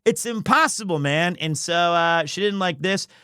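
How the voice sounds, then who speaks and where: Male streamer, high voice, swooping lively pitch, exasperated storytelling, dry close mic. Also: moderate pace, clean tone, dry recording. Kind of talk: animated storytelling chat.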